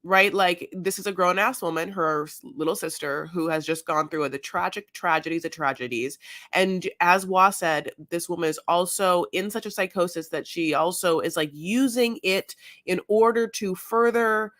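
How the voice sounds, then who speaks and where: A woman's voice: lowish voice, moderate pace, fairly bright tone. A woman co-hosting a podcast, retelling scenes in a chatty, filler-heavy way and slipping into playful quoted voices. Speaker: podcast co-host. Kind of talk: casual recap chat.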